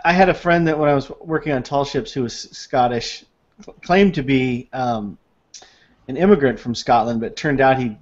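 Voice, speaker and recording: A man chatting casually, telling anecdotes with frequent laughs and playful quoted voices. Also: mid-range voice. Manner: storytelling, laughs often, acts out quoted voices. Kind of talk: casual chat. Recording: dull lo-fi sound.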